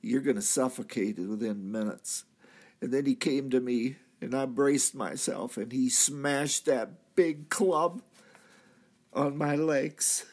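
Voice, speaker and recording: Taking it slowly in a mid-range voice, a man portrays the redeemed, repentant thief from the crucifixion in a church drama. He recounts his tale earnestly and solemnly, his words swelling into cries at key moments.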